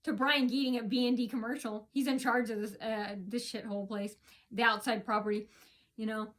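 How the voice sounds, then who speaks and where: A woman's voice: a little high, fairly even intonation, brisk, fairly bright tone. A woman in a casual complaint vlog, telling her story in an indignant, rambling way with many restarts. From United States. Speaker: vlogger.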